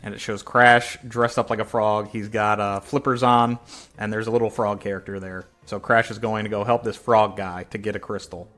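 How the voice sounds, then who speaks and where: A man's voice: fairly low pitch, level tone, moderate pace, fairly bright tone, faint music behind. A man casually retelling a fan comic chapter by chapter, rambling with fillers and self-corrections. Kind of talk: casual storytelling.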